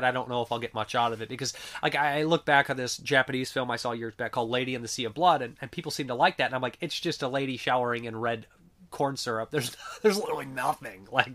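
A man's voice: mid-range voice, fairly bright tone. A man casually reviewing horror movies, rambling with many fillers and frequent swearing, while sick.

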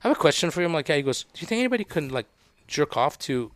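A man's voice: a little high, racing. A man who is a guest on a casual podcast, telling stories and acting out the quotes. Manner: animated storyteller who acts out quotes. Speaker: podcast guest, video producer. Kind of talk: casual chat.

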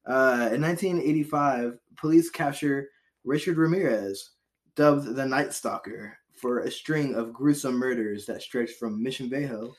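This podcast co-host keeps things loose as he reads historical date facts, cracking jokes, cursing, and laughing frequently. He speaks at a medium pitch with a measured delivery.

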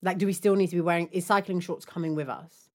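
A woman's voice: on the low side, steady tone, fast talker. Giggly woman co-hosting a chat. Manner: laughs often, playful teasing. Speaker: podcast co-host. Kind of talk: casual chat.

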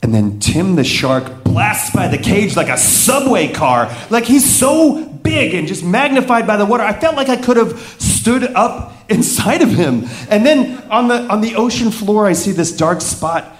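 A man telling a personal story vividly, with dramatic pauses and hushed moments. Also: sits high, very animated.

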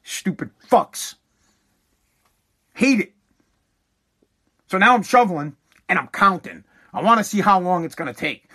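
A fed-up man, swearing freely as he rants through a long casual monologue. His voice sits notably high for a man, and his delivery is emphatic and exasperated. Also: pushed and bright, husky. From New England. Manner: exasperated, profane, emphatic ranting.

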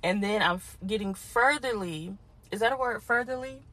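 A woman podcast host telling a frustrating story in a casual, animated way, talking straight to her listeners. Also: mid-range voice, normal speed. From Houston. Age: adult parent.

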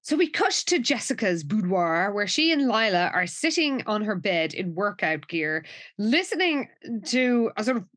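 A woman's voice: mid-range voice, very animated, moderate pace, a bit bright. A woman co-hosting a podcast, recapping a TV episode in a wry, chatty way, often restarting sentences and laughing at her own jokes. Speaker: podcast co-host. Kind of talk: casual chat recapping a TV episode.

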